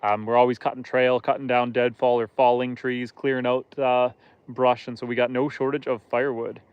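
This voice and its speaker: A man's voice: medium pitch, little pitch movement, moderate pace, clear, resonant tone, no room sound, dull audio. A man hosting a casual live stream outdoors on a lake from a boat, chatting with viewers in a joking, self-deprecating way.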